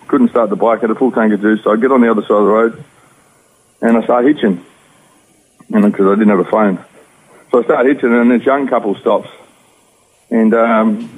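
An Australian man tells his story at a rapid clip, his low voice husky and rough. He talks in slang and plain words. The sound is thin and tinny, as over a phone line. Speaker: interview guest. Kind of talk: personal testimony.

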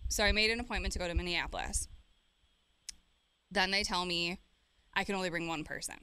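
A young woman co-hosting, chatting casually with quick agreeing interjections and playful asides. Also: on the low side, pushed and bright, clear, resonant tone. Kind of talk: casual chat.

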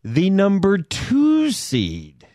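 A man's voice: high-pitched, wildly swooping pitch, extremely slow, background noise. A man co-hosting a sports talk show, reacting playfully and walking a caller through a bracket. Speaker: co-host. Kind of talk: joking radio banter.

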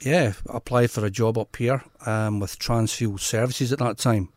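A man's voice: medium pitch, fairly even intonation, moderate pace, dry recording. Middle-aged Scottish man, podcast guest, chatty and self-deprecating, dry close mic. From Scotland. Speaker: guest photographer. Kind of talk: casual interview chat.

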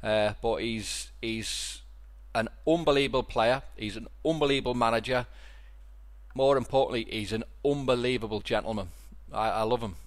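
A man's voice: medium pitch, normal speed. A middle-aged man with a Liverpool accent, hosting a podcast and telling stories in a rambling, casual way with many restarts. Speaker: podcast host. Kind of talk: casual chat.

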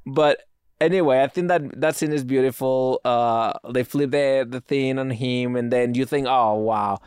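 Accented man, earnest and halting. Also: medium pitch, steady tone, a little mellow, clear, resonant tone, no room sound, clean studio sound. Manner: speaks with a noticeable foreign accent; earnest, halting, repeats words. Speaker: podcast guest. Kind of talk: casual chat.

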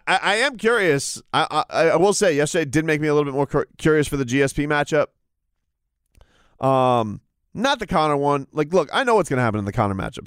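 A man at medium pitch gives casual fight sports commentary and keeps restarting his sentences. The sound is dry and close, with no room echo. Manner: rambling, repetitive restarts. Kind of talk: casual chat.

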